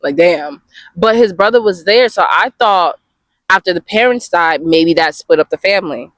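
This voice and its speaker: A woman giving a casual, expressive reaction review of comics, swearing freely and talking straight to her viewers. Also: lowish voice, normal speed, no room sound. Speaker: webcomic reviewer.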